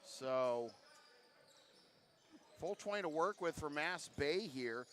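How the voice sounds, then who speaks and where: A man giving live play-by-play commentary on a college basketball game, getting louder and more excited on big plays. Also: a little high, slow pace, slight background noise.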